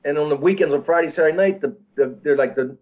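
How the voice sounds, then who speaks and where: Guest comic in his sixties, a bit high, rambling restarts, dull lo-fi sound. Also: darkish tone. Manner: rambling, halting with many restarts. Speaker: comedian guest. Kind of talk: casual storytelling interview. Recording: dull lo-fi audio.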